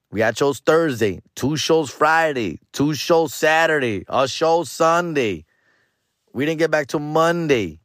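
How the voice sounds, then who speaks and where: A man's voice: mid-range voice, dry recording, studio quality. Profane, rambling man. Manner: rambling, profane, mixes Spanish slang into English. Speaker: comedian and podcast host. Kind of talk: casual chat.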